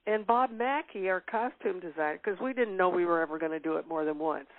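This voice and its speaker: A woman's voice: on the low side, a little fast. An older woman as an interview guest, reminiscing in casual chat with frequent fillers and laughs. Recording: tinny phone-line sound.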